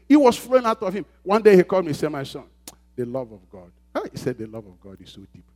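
A man's voice: fairly high pitch, mellow. A man preaching a sermon as pastor, emphatic and repeating phrases, calling out questions for the congregation to answer. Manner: call-and-response questions to the congregation.

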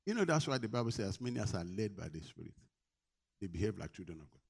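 A middle-aged man preaches a sermon as pastor. He leads the congregation in repeated call-and-response lines. His delivery swings from quiet, low-pitched asides to loud, rising exhortations. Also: very animated, quick pace, creaky, slightly rough.

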